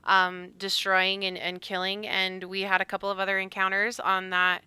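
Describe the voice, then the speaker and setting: A woman co-hosting a casual recap as game master, talking in an animated way and laughing often. Her voice is very bright and smooth. It is recorded close and dry. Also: medium pitch, normal speed, no echo. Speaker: podcast co-host and game master.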